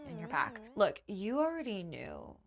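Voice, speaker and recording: A woman's voice: medium pitch, huge pitch swings, measured pace, a crowd in the background. A woman hosting a comedic monologue, riffing playfully with jokey asides that sometimes drop to a whisper. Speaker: host.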